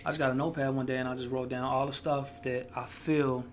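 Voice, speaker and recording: A man guesting on a podcast in casual chat, speaking in a relaxed, reflective, slangy way. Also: mid-range voice, quick pace, slight background noise.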